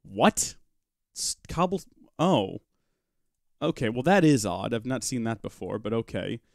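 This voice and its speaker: A man narrates his live game session in a loose, joking way, talking to his viewers and to objects in the game. His pitch swings a lot, bouncy and expressive. The sound is close and dry, with no room echo. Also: a little slow, creaky. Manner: chatty, joking asides, talks to chat and his pet rock. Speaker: gaming livestream host. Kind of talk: live Minecraft modpack let's-play commentary.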